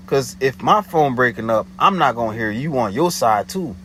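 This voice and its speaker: Man vlogger, mid-pitched voice, slangy and animated story delivery, faint hum behind. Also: normal speed, hardly any pauses, poor audio. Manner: animated, slangy, repeats "you know what I'm saying". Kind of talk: casual storytelling.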